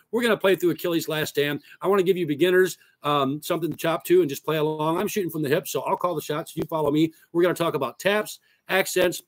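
Drum teacher counting rhythms aloud. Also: male voice, a little high, a little fast, no echo. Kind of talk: casual drum lesson.

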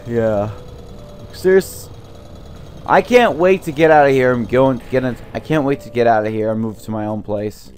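A man's voice: mid-range voice, normal speed, darkish tone, a little hiss or hum. Young man ranting over gameplay, swearing. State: sore throat from yelling. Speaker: let's play host. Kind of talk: gameplay commentary.

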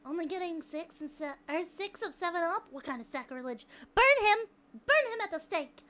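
Bright, high-voiced woman chatting. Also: brisk. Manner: chatty and excitable, laughs often, swears freely. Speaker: live streamer. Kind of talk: casual chat with a live chat audience.

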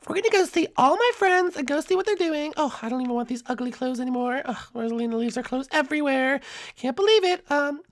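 A woman's voice: high voice, quick pace. A woman voicing a cheerful, chatty young princess who hosts the show, in a Minecraft role-play. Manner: peppy, chatty, excitable. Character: cheerful, bossy young princess hostess, Peach. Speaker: series host.

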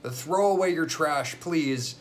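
A man's voice: fairly high pitch, slow pace. A young man vlogging casual news commentary, crude and sarcastic, swearing freely.

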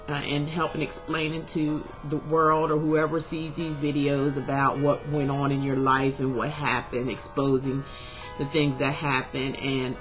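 A woman's voice: deep voice, muffled recording. Passionate rambling woman tarot reader. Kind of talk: tarot reading vlog.

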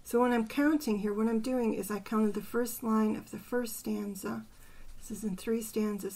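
An older woman hosting a poetry channel, thinking aloud and softly counting syllables under her breath as she picks a poem apart. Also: a little high. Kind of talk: casual poetry analysis.

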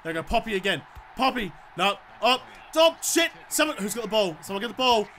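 High-voiced, excitable man gaming. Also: fast. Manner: excitable, swearing, shouting at the game. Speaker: gamer. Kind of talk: let's-play commentary.

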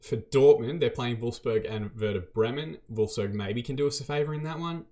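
Fast-talking man narrating his game. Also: mid-range voice, mellow. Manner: quick, chatty and self-deprecating. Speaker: gaming YouTuber. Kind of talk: gameplay commentary.

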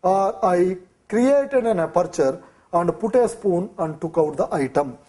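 A man giving a vocabulary lecture, explaining words slowly with example sentences and lists of synonyms. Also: sits high, dark tone.

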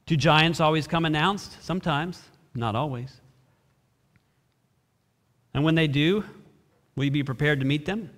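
A slightly high, slightly slow voice with frequent pauses carries a pastor's sermon through a reverberant hall. He reads scripture and preaches expressively, briefly giving voice to the biblical characters.

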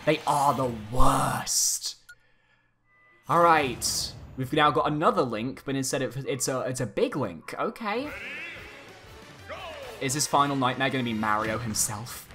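Animated gamer with game music. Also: male voice, medium pitch, moderate pace. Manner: animated, exclaiming, swings between excited and exasperated. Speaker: gaming YouTuber. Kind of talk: let's play commentary.

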